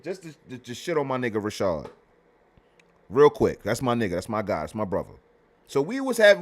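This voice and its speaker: A man hosting a livestream, ranting in a heated, profane, animated way with loud bursts. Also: medium pitch. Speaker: livestream host.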